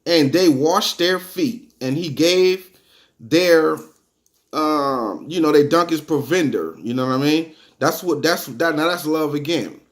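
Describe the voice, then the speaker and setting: A man leading an informal bible study, reading verses slowly and then explaining them in casual, heartfelt talk. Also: a little high. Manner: reads scripture slowly then explains in casual talk, repeating "you know what I mean". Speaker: bible teacher.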